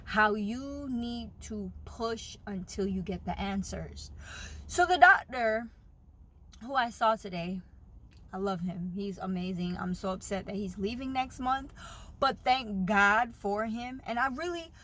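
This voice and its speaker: A woman's voice: mid-range voice, expressive, measured pace, a bit bright. A woman talking openly and earnestly in a personal vlog, retelling a doctor's visit with feeling. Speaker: vlogger sharing a fertility journey.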